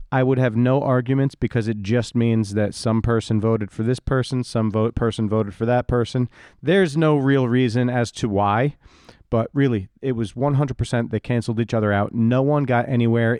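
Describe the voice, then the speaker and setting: A man co-hosts a podcast in loose, casual chat, pressing his opinions and refusing to back down. His voice sits at an ordinary middle pitch. The sound is dry and close, with no room echo. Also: darkish tone, smooth. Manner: argumentative, opinionated. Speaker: podcast co-host.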